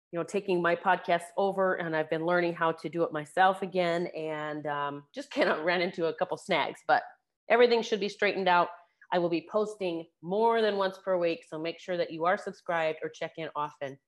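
Woman podcast host, slightly hoarse, low-pitched, chatty announcements. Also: brisk. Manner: chatty, relaxed, with fillers. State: slightly hoarse from a sore throat.

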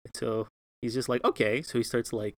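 A man's voice: medium pitch, fairly even intonation, a little fast, no room sound. A man narrating as game master, talking loosely with many fillers and asides.

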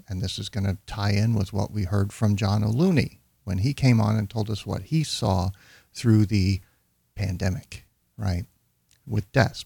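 Gravelly, husky male commentator. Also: fairly low pitch, a little mellow, no echo. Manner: deliberate, emphatic, slowing for key points. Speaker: host. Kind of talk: commentary on video clips.

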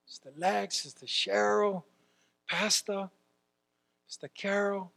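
A man preaching a sermon as a church elder, talking emphatically and swinging between loud exclamations and quiet asides. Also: high-pitched, animated, unhurried, long pauses.

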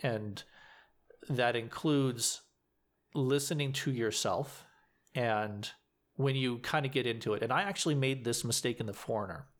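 A man talks through his craft in an earnest, explanatory way. His pitch sits in the middle, and he often stops and starts again as he works out a thought. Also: measured pace. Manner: earnest, explanatory, frequent restarts. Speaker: community theater actor. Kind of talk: casual interview talk.

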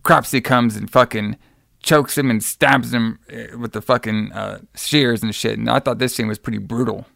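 A man's voice: medium pitch, moderate pace, gravelly, no room sound, clean studio sound. A man casually recapping a horror movie for a podcast, acting out the characters' lines and laughing often. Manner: animated storyteller acting out quotes, laughing often. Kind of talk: casual chat.

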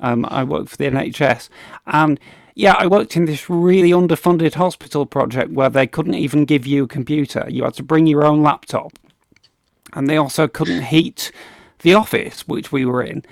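A man on a podcast talks in a rambling, hesitant way, restarting his sentences and laughing now and then. His voice sits a little high for a man and has a gravelly edge, and it is picked up dry and close. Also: moderate pace, no room sound. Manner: rambling, many restarts and ums, laughs often. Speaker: podcast host. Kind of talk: casual podcast chat.

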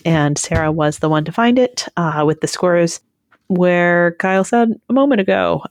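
A woman with a notably low voice chats through a quiz show recap, with plenty of fillers and restarts. The sound is dry and close, with no room in it. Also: normal speed, no room sound. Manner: chatty, with frequent fillers and self-corrections. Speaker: podcast co-host.

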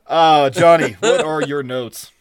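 A man's voice: on the high side, fairly even intonation, takes it slowly, clear, resonant tone, no echo, clean studio sound. A young man co-hosting a casual podcast, talking loosely with lots of swearing and frequent laughs. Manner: loose, profane, laughing often. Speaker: podcast co-host.

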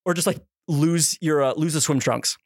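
High-voiced young man telling a wild story. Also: moderate pace, no echo, studio quality. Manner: animated, acts out quotes with big pitch jumps and shouts. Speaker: podcast co-host. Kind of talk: comedic storytelling.

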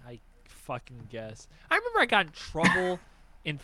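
A young man in casual chat, telling animated stories with lots of swearing and acted-out voices. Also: a little high, normal speed, crowd noise.

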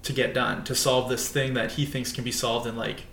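A man's voice: medium pitch, little pitch movement, moderate pace, creaky, a bit bright, roomy sound, a little hiss or hum. A man co-hosting a podcast in casual chat, telling stories and acting out the people in them. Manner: storytelling, acts out quoted dialogue. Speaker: podcast co-host.

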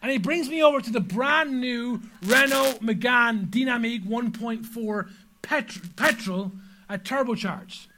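A man's voice: very high voice, a little slow, pushed and bright, slight background noise. A middle-aged man preaching a sermon to a church audience, telling stories and pressing listeners with repeated rhetorical questions. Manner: storytelling, emphatic rhetorical questions. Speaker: pastor. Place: church service before an audience.

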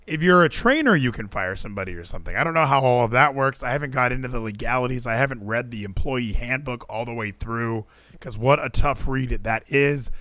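A man's voice: mid-range voice, no room sound. A man hosting a podcast, chatting casually and jokingly in a rambling way. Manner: rambling, animated, jokey. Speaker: podcast host.

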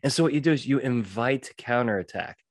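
A man hosting a solo podcast, talking emphatically, repeating key phrases and often clearing his throat. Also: mid-range voice, a little fast, no echo. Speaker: podcast host and witness trainer.

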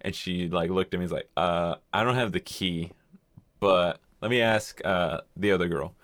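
A man's voice: sits low, moderate pace, a bit bright, no room sound. A young man in casual chat, telling a long rambling story with casual swearing and acted-out quotes. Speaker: podcast co-host telling a story.

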